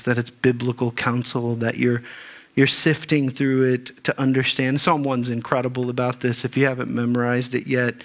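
A man preaching a sermon as pastor, earnest, often repeating words and asking the congregation questions. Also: mid-range voice. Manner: earnest, repeats words when fired up, asks the crowd questions.

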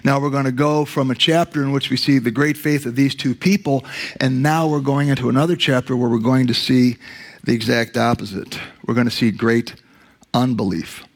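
A man preaching a sermon, telling scripture stories and dropping his voice for the quoted lines. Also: fairly even intonation. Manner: storytelling, acts out quotes in a lowered voice; slows down to stress key words. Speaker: pastor.

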